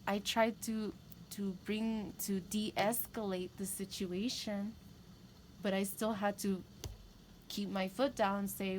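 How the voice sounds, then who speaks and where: A woman's voice: medium pitch, steady tone, measured pace, a little hiss or hum, poor audio. Candid rambling woman tarot reader. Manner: candid, rambling, with emphatic repetition. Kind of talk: casual spiritual talk to camera.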